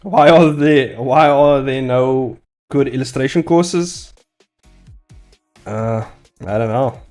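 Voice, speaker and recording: Taking it slowly, a young man with a medium-pitched, slightly mellow voice chats with his stream audience while working on his comic. He meanders, laughs plenty and swears freely, with soft music in the background.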